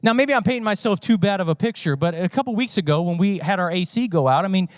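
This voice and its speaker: High-voiced man preaching, dry and close. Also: fast, dry recording. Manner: conversational preaching with sweeping pitch swings and repeated phrases. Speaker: pastor. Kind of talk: sermon.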